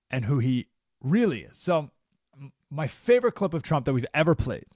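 A man hosting a talk radio show, telling stories in a conversational, animated way with frequent asides. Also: mid-range voice, dry recording, studio quality.

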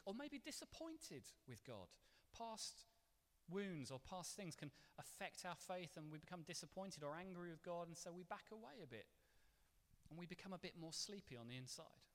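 A man preaching a sermon in a church, conversational and animated with playful asides. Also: sits high. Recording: long reverb of a church hall.

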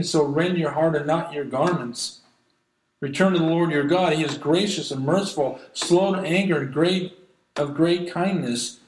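Male pastor, earnest pleading sermon delivery, slightly high pitch, echoey church room. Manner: earnest, pleading preaching with scripture reading.

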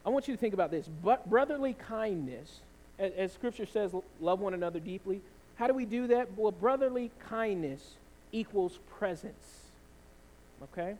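Male pastor, thirties, notably high voice, casual storytelling sermon, church hall reverb. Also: moderate pace. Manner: conversational, animated storytelling with frequent "right?". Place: church sanctuary.

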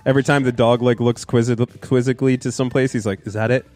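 A man's voice: medium pitch, little pitch movement, fast talker, darkish tone, no echo. A man co-hosting a comedy podcast, ad-libbing crude, profane jokes. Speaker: podcast co-host.

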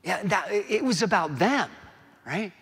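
A man's voice: sits high, expressive, unhurried, fairly bright tone, slightly rough, voice pushed up, heavily acted. A man voicing a folksy, good-natured football coach, speaking earnestly and heartfelt, in a room with long reverb.

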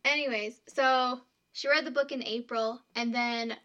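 A woman co-hosting a podcast tells a true story in a casual, chatty way, reading long quotes aloud between fillers. Her voice sits a little high, and her pitch stays quite flat and level. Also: unhurried, highs cut off. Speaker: podcast co-host telling the story.

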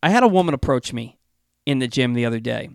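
Animated male sports radio host. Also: mid-range voice, fast, creaky, clear, resonant tone, no echo, studio quality. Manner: animated, stumbles over words.

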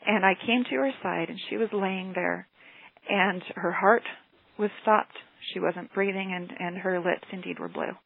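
A middle-aged mother telling a personal story in an earnest, halting way, often repeating words. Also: fairly low pitch, steady tone, creaky, husky, no echo. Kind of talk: personal testimony. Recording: tinny phone-line sound, dry.

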